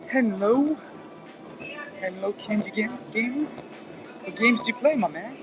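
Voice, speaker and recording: Over music on a rough recording, a man with a voice that sits high speaks slowly. He's hosting a laid-back livestream from an elliptical indoors, rambling easily as he chats with viewers.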